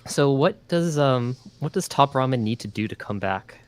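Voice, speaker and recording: A man's voice: mid-range voice, expressive, normal speed, clean tone, dry recording. A man casting an amateur esports match, easygoing and playfully teasing his co-caster. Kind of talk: casual esports commentary.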